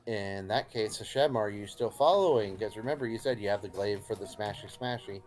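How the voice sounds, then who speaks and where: A man playing a tabletop game over a voice call. He rambles and jokes, and his sentences often trail off softly. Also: on the low side, a little fast, soft background music. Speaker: player. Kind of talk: casual tabletop game chat.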